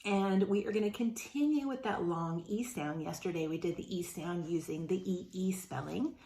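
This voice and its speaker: A woman teacher giving a remote phonics lesson to young children, sounding words out slowly and encouraging them. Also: on the low side, dark tone, roomy sound.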